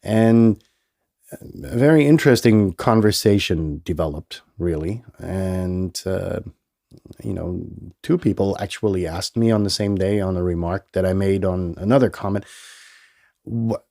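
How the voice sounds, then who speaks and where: Deep voiced guy rambling on his podcast, kinda nasal from a cold, swears a lot, dry close mic. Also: unhurried, gravelly, dark tone, no room sound. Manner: rambling, profane, self-amused. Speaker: podcast host. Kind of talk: casual solo podcast monologue. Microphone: headphones and studio mic.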